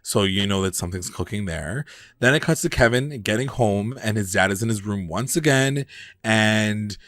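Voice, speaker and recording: A man co-hosting a podcast, recapping a TV episode in casual chat, animated and heavy on fillers and swearing. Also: lowish voice, normal speed, dry recording, studio quality. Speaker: podcast co-host.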